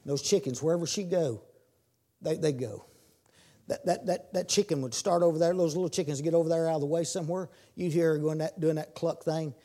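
A man preaching a sermon, repeating his words and building to shouted calls. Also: fairly high pitch, fairly quick.

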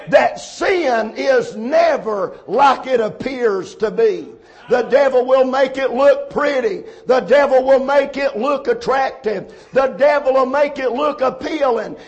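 A male pastor praying and then preaching a sermon, slow and deliberate, repeating phrases and rising to shouted emphasis. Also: extremely high pitch. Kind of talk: sermon with opening prayer.

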